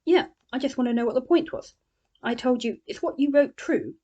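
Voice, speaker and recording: A woman's voice: high voice, brisk, dark tone, muffled recording, pitched above the performer's own voice. Skeptical lady deputy pushing questions, kinda incredulous, read by a woman. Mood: pressing.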